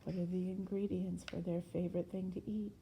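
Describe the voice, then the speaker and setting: A woman teacher reading a children's story aloud in an expressive, sing-song way, sometimes dropping to a whisper. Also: lowish voice, fairly quick, slight background noise, rough recording.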